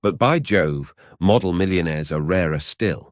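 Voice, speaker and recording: A man's voice: sits low, unhurried, no echo, clean studio sound. A jovial, teasing painter, voiced by a man. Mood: amused. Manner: amused, hearty.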